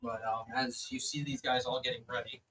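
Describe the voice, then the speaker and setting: A man's voice: medium pitch, very animated, brisk, gravelly, fairly bright tone, far from the mic, a little hiss or hum, rough recording. A man running a tabletop game as dungeon master, narrating loosely with many fillers.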